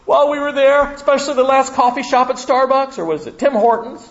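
A man doing shrill wailing frightened wanderers. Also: brisk. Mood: panicky. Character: panicky whining crowd of frightened wanderers. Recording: dull lo-fi recording.

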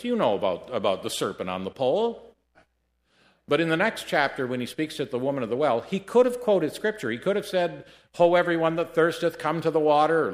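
A man preaching a sermon, telling stories and dropping to a hush before rising loudly. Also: medium pitch. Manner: storytelling, lively shifts between hushed and loud. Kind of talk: sermon with anecdotes.

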